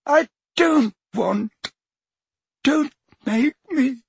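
A husky, breathy old wizard, as an audiobook narrator puts him on, his voice pitched above the narrator's own. He commands gently but firmly, swinging widely in pitch, in a dry, close storybook reading. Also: big pitch swings, takes it slowly, dry recording, exaggerated voice. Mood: terrified. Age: older. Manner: firm and gently commanding, later pleading in terror. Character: very old wise male wizard, calm, commanding.

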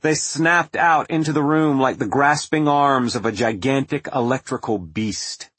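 Husky male audiobook narrator. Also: medium pitch, a little slow, a bit bright, dry recording. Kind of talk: scripted narration.

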